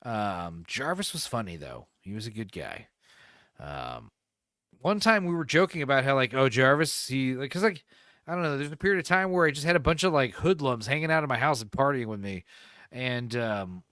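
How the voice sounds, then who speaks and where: Rambling, lively young man telling stories. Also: mid-range voice, normal speed, no room sound, studio quality. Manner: rambling, profane, laughs often, acts out quotes. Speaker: podcast co-host. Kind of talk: casual storytelling chat.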